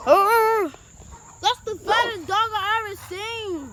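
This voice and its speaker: A woman chatting casually outdoors with friends, slangy and excitable. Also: very high voice, slow, a little hiss or hum. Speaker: friend of the vlogger. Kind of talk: casual chat while exploring. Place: outdoors in a neighborhood.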